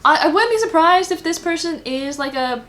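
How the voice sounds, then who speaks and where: A woman's voice: very high voice, lively intonation, moderate pace, a bit bright. A woman giving a casual pick-a-card tarot reading, rambling and thinking aloud with lots of fillers. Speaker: tarot reader.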